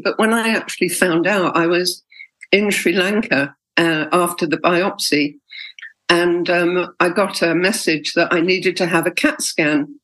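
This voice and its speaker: A middle-aged woman, interviewed as a patient, tells her own story candidly and emotionally, hesitating as she goes. Her voice sits on the low side with a fairly bright tone, and the recording is rough.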